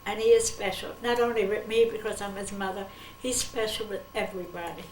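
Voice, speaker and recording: An older woman in a documentary interview, telling a personal story slowly and earnestly and acting out the dialogue. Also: mid-range voice, fairly even intonation, a little hiss or hum. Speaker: interviewee, mother of the subject. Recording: echoey room from a distance.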